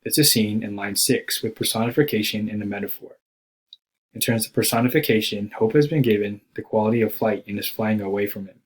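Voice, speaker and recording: A man reading a school presentation aloud from a script, slowing down when he quotes the poem. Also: on the low side, slightly rough, poor audio. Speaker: student presenter.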